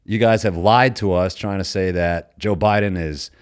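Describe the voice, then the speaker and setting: A man's voice: deep voice, steady tone, normal speed, clear, resonant tone, dry recording, clean studio sound. A man in his thirties hosting a podcast, talking in a rambling, opinionated way about current events. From United States. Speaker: podcast host. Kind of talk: casual chat.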